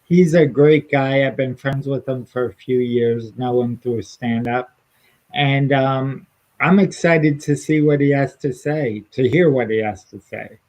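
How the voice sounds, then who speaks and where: A man's voice: medium pitch, measured pace, a little mellow, low-quality recording. Easygoing man chatting on a podcast. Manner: earnest, easygoing, with fillers. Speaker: podcast co-host and stand-up comedian. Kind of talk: casual podcast chat.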